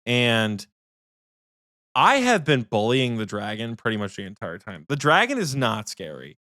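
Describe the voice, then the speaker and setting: Animated young man telling gaming stories. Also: medium pitch, unhurried, no echo, studio quality. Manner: animated storytelling, swearing, mimics friends in quotes. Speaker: podcast co-host. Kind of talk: casual gaming chat.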